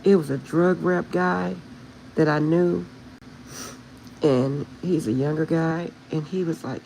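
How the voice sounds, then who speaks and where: A woman's voice: low voice, a little slow, vocal fry, a little mellow, slight background noise, poor audio. A woman hosting a spiritual livestream, talking to her viewers in a heartfelt, emotional way. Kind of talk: casual livestream chat with viewers.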